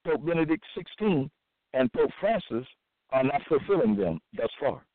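A man reading scripture aloud in a halting, repetitive monologue, with frequent fillers and restarts. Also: mid-range voice, very animated, dry recording. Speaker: self-styled preacher. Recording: dry, tinny phone-like sound.

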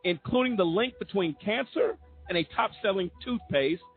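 A man hosting a talk radio show who reads out articles in a measured way. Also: high voice, lively intonation, phone-quality sound, soft background music. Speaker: radio host.

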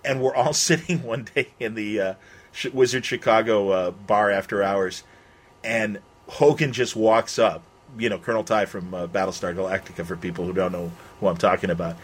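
A man's voice: lowish voice, moderate pace, breathy edge. A man hosting a podcast, telling stories in casual chat and acting out the people he quotes. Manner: animated storyteller, acts out quotes. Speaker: podcast host.

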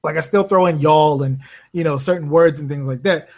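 A man's voice: on the high side, fairly quick. A man raised in Bermuda, a podcast guest and rideshare driver, telling stories in casual chat, swearing freely and acting out the people he quotes. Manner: animated storyteller, swears freely, acts out quoted voices.

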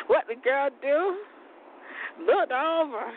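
A woman's voice: medium pitch, expressive, a little slow. A woman hosting an internet radio show, rambling casually and profanely with frequent laughter, outdoors on a balcony. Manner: chatty, profane, laughs often. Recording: tinny phone line, faint outdoor noise.

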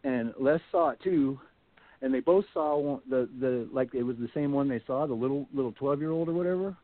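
Fairly quick and mid-range in pitch, this middle-aged Bigfoot researcher tells a long, rambling personal tale as a radio guest, heavy on "you know" and "like." The sound is a tinny phone line with no echo.

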